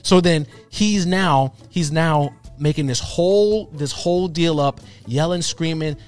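A man in his thirties, co-hosting a podcast, telling a story in a casual, animated way and acting out what people said. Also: a little high, unhurried, faint music behind. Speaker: podcast co-host.

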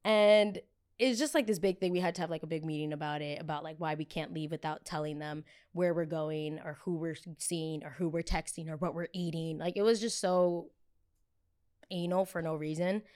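A young woman hosting a podcast, telling a story in chatty, animated fashion, full of "like" fillers and acted-out quotes. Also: moderate pace, smooth. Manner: animated, acts out quoted people with big jumps in pitch and loudness; chatty, heavy use of filler "like". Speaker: podcast host. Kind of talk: casual storytelling.

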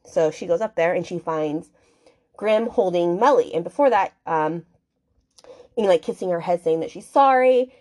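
A woman's voice: on the low side, moderate pace, dark tone. A woman hosting a book podcast, recapping the story in a casual, chatty way, full of fillers, swearing and indignant asides.

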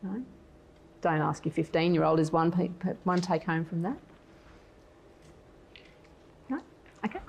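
A woman's voice: on the low side, normal speed, vocal fry, a little hiss or hum. A middle-aged woman giving a conference talk, telling personal stories with frequent restarts and filler words. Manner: lively storytelling, acts out quoted voices. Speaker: conference speaker.

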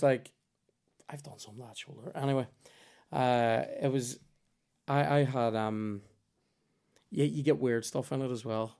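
Man, podcast host, animated storytelling, swears a lot, acts out voices. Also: medium pitch, creaky. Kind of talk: casual storytelling chat.

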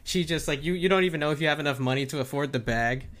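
A man co-hosting a casual comedy chat, telling animated stories and acting out quotes. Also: on the high side, racing. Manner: animated storytelling with acted-out quotes. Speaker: co-host.

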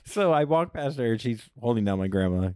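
A man's voice: medium pitch, animated, fairly quick, warm tone, smooth, no room sound, clean studio sound. A young man co-hosting a comedy podcast, telling a rambling story in casual chat, laughing often and acting out his own lines. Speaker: podcast co-host.

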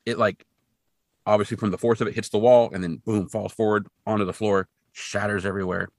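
A man co-hosting a podcast, recapping a TV episode in casual chat with animated storytelling and dry asides. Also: on the low side, brisk, dry recording. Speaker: podcast co-host.

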